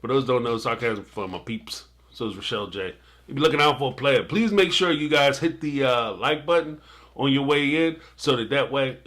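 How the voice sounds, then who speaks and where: A man's voice: mid-range voice, fairly bright tone. A man hosting a casual live stream, reacting to a TV episode and reading out viewer super chats with jokes, playful asides and frequent laughter.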